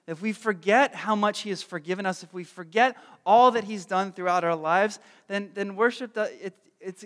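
Brief: man, thirties, pastor preaching, high voice, humble and heartfelt, big reverberant sanctuary. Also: fairly bright tone. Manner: self-deprecating storyteller, earnest and heartfelt. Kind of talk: sermon with personal story. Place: church sanctuary. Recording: long hall reverb.

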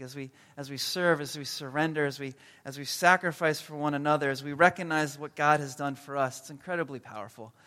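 Pastor with a high voice in a reverberant church. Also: male voice. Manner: comedic storytelling with acted-out quotes; earnest and gentle when preaching. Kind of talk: sermon.

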